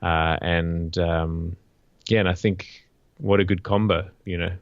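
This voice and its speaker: A man hosting a podcast interview, talking in a friendly, halting way with many fillers. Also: low voice, fairly even intonation, no echo, highs cut off. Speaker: podcast host. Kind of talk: casual interview. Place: Gold Coast, Australia.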